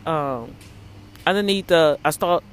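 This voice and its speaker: A man who prays for the sick, telling viewers a story in a casual, animated way and often calling them y'all. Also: fairly high pitch, measured pace, slight background noise. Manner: animated, addresses listeners as y'all. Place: hospital waiting area.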